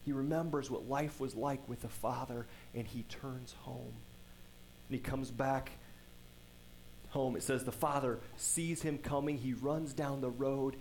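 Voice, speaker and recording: A man's voice: mid-range voice, steady tone, a little slow, gravelly, a little mellow, a little hiss or hum, rough recording. A male pastor preaching a sermon, retelling a story conversationally with frequent tag questions.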